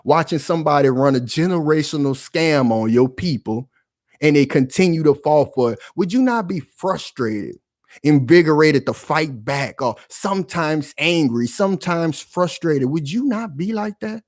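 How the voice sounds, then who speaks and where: A man's voice: on the high side, lively intonation, normal speed, no room sound, clean studio sound. A man hosting his own channel, delivering heated, emphatic commentary full of slang and rhetorical questions. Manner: loud, emphatic, confrontational.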